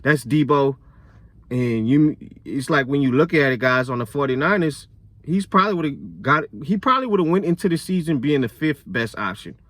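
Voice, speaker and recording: A young man giving casual football commentary in a blunt, opinionated way, full of slang and fillers, and getting louder when he is fired up. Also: mid-range voice, expressive, normal speed, no room sound. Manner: loose slangy talk with many fillers. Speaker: sports vlogger.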